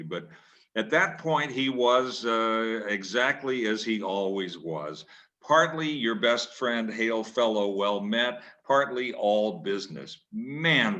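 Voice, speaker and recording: An older man, a former newspaper columnist, telling a lively, self-deprecating story to an audience and acting out the scenes. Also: fairly low pitch. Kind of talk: anecdotal storytelling talk.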